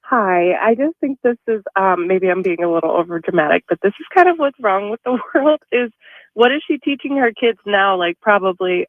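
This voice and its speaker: A woman's voice: medium pitch, moderate pace, no echo. A woman calling in to a radio show, giving her opinion with a little laugh. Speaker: caller. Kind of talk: phone-in call. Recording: tinny phone line.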